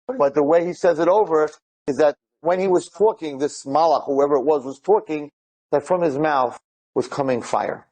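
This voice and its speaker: A man, retelling stories in an excited, rambling way, mixing in Hebrew and Yiddish words. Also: mid-range voice. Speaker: speaker telling inspirational stories. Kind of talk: animated storytelling talk.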